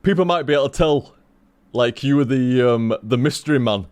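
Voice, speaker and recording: A man's voice: mid-range voice, fairly quick, darkish tone. A man chatting casually on a game stream, rambling and swearing, tripping over his words.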